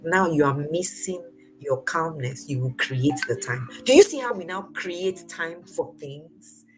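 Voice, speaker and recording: A woman in her forties hosting a motivational talk, engaging her audience with questions she answers herself, swinging between loud emphatic bursts and soft near-whispers. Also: deep voice, animated, a little slow, music in the background, low-quality recording. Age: 40s. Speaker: host.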